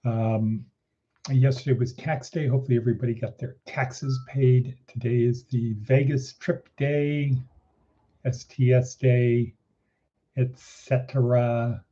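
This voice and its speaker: A man's voice: mid-range voice, level tone, takes it slowly, mellow, muffled recording. A man hosting his daily morning podcast in a rambling, casual way, repeating phrases for emphasis. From Nevada. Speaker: podcast host.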